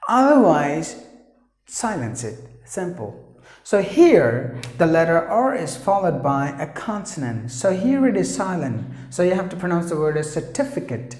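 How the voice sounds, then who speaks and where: A woman's voice: on the low side, sing-song, measured pace, a little mellow, reverberant. A woman teaching pronunciation, repeating words and explaining patiently with fillers. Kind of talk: pronunciation lesson.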